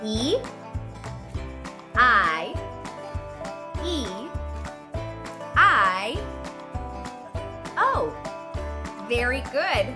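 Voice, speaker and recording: A woman who teaches pre-K, giving a televised lesson for young children in a playful, animated way and imitating animal sounds. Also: on the high side, extremely slow, long pauses. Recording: children's music playing underneath. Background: light children's music.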